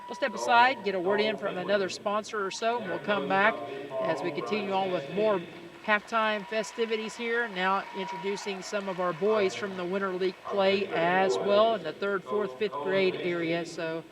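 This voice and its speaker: A man calling a high school basketball game on a headset in a school gym, chatty and joking between the scores. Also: fairly even intonation, over a noisy crowd. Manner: chatty, joking, fast-running sports patter. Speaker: play-by-play announcer.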